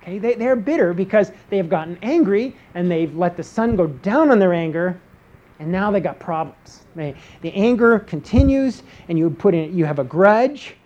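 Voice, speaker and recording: A woman's voice: lowish voice, lively intonation, normal speed, mellow, muffled recording. A woman preaching a Bible-teaching sermon, posing rhetorical questions and checking in with her listeners by asking "okay?".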